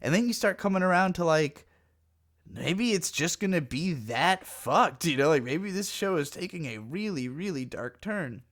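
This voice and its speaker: A man talking through an anime episode in casual commentary, excitable and profane, with lots of fillers. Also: fairly high pitch, normal speed. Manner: animated, profane, excitable storytelling. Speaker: anime reviewer.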